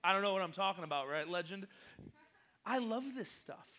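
A man speaking as a youth pastor to a group of kids, energetic and teasing, quizzing the audience with playful questions. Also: high voice, fairly quick. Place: church hall.

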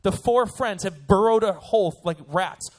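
A young man preaching to a room of students, playful and animated, acting out little scenes as he talks. His speaking voice sits notably high. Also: moderate pace, slight background noise. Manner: animated and joking, acts out voices. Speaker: youth pastor. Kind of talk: sermon to students.

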